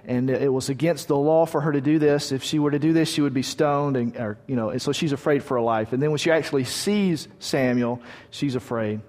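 A man's voice: mid-range voice, a little fast, a little mellow. A man preaching a sermon, reading scripture aloud and retelling the stories in a conversational way with frequent restarts. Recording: long hall reverb.

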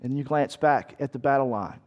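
In dull-sounding audio, a man with a mid-range voice preaches fairly quickly, using a second-person battle scene as a vivid sermon illustration and shouting quoted commands.

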